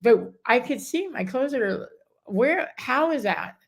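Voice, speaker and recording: A woman's voice: high voice, animated, takes it slowly. A middle-aged woman telling her personal story in a casual chat, rambling and often breaking off mid-sentence. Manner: rambling, self-interrupting, acts out others' words. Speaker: guest.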